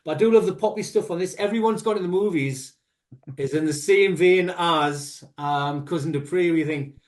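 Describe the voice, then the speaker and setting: Rambling man, fairly high voice. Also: moderate pace. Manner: rambling, animated explanations with asides. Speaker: podcast co-host. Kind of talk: casual music review chat.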